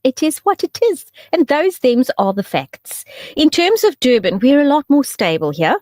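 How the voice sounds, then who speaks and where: A woman's voice: normal speed, no echo, studio quality. A woman hosting a radio show, chatting casually and joking through the weather. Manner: chatty and joking, with lively swoops in pitch and laughs.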